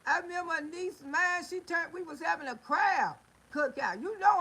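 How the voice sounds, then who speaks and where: A middle-aged woman talks straight into her phone during a livestream. Her voice sits high and carries a gravelly edge. She scolds her viewers in a folksy way and drifts into stories. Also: lively intonation, normal speed, pushed and bright, low-quality recording. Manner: folksy, scolding, storytelling with laughs and exclamations. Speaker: livestream host. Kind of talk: casual livestream talk to viewers.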